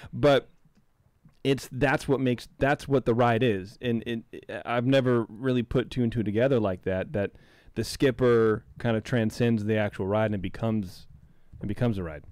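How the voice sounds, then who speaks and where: A man's voice: medium pitch, steady tone, normal speed, a little mellow, clean tone, no room sound, clean studio sound. A man hosting a podcast interview, talking casually and rambling, with frequent restarts and repeated words. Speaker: podcast host.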